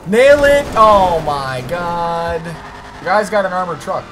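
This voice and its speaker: A young man excitedly shouting and joking as he comments on online gameplay with friends. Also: high-pitched, takes it slowly. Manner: excitable, frequent exclamations and shouts. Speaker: gaming channel host. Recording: music playing underneath.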